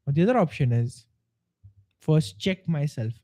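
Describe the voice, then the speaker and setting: A man's voice: fairly high pitch, lively intonation, normal speed, warm tone. A man coaching live on a stream, earnest and explanatory, acting out the voices of the people in his examples. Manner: earnest, acts out quoted voices. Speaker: life coach. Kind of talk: live-streamed motivational talk.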